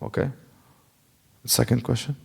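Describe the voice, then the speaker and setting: A man's voice: medium pitch, steady tone, a little slow, gravelly, breathy edge, long reverb tail. A man teaching a classroom lecture, explaining carefully, demonstrating sounds himself and asking the class rhetorical questions. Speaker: Quran recitation teacher. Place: mosque classroom.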